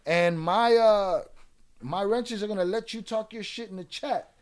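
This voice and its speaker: A man's voice: high voice, a little slow, smooth. A man hosting a livestream, taunting and trash-talking trolls in the chat in a drawling, streetwise way. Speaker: livestream host. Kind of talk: live-stream chat with viewers.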